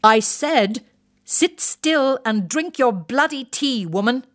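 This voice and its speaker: A woman voicing a blustering, exasperated retired military man with a plummy English accent, bellowing slow, emphatic commands. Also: sits high, expressive, a bit bright, pitched above the performer's own voice, full character voice.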